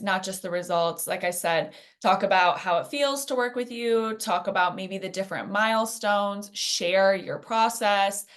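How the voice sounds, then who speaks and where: A woman from Phoenix presents a live workshop, teaching casually in a chatty, conversational style full of fillers and asides. Her voice is medium-pitched and a bit bright.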